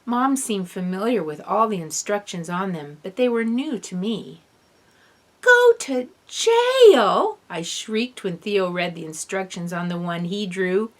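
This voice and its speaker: A woman's voice: lowish voice, normal speed, hardly any pauses. Woman narrating a children's novel. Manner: first-person, expressive. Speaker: audiobook reader. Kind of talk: storybook narration.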